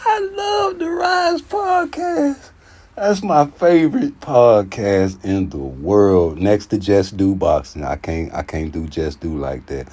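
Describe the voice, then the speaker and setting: A man giving casual boxing commentary in a slangy, profane, animated way. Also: extremely low pitch, breathy edge.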